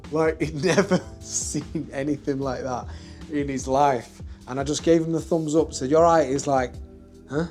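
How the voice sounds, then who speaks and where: A man, a tattoo studio owner, telling a story in a lively, conversational way with frequent laughs and tag questions. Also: on the high side. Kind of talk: casual storytelling to camera.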